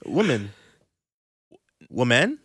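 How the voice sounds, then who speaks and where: A man's voice: medium pitch, wildly swooping pitch, extremely slow, fairly bright tone, slightly rough, no room sound, clean studio sound. A young man in casual chat who laughs a lot and stumbles over his words.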